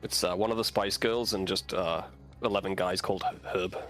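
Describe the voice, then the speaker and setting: Low-voiced joking man. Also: steady tone, moderate pace, fairly bright tone, soft background music. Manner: joking, teasing, calls people dude. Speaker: stream co-host. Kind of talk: casual chat.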